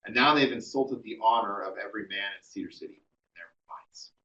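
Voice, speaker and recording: A man's voice: on the low side, a little fast, sharp tone, far from the mic, highs cut off. A man giving a classroom history lecture, telling the story conversationally with many ums and uhs.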